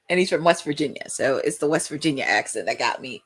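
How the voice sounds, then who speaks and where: Lively chatty woman reacting live. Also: low voice, quick pace, breathy edge. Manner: chatty, laughs often, reacts excitedly. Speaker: watch-along host. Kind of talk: live wrestling watch-along commentary.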